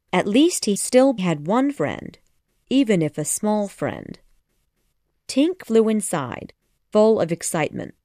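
A woman narrating a children's classic audiobook in a measured, expressive storytelling manner. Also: mid-range voice, dry recording, clean studio sound.

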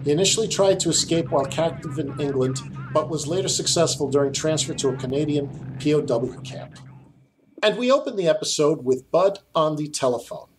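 A man's voice: fairly high pitch, lively intonation, a little fast, noisy background. A man from Queens hosting a podcast, chatting casually and reading an episode introduction, laughing often and tripping over names. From Queens, New York. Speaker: podcast host.

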